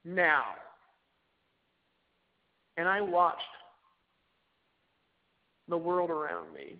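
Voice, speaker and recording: A man's voice: sits high, a little fast, vocal fry. A man giving an emphatic, repetitive motivational pep talk to a group on a conference call. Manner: emphatic, repetitive, preachy exhortation. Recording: tinny phone line.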